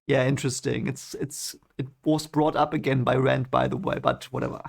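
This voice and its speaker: A man's voice: medium pitch, steady tone, normal speed, vocal fry. A man reading a novel for the first time and reacting in a chatty, casual way, laughing often. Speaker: book reader reacting to a novel.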